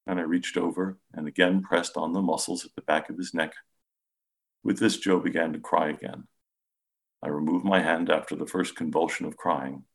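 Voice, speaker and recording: A man, a psychiatrist, calmly narrating a patient case in the first person with measured storytelling. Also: deep voice, creaky. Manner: calm, measured storytelling, softens when speaking gently.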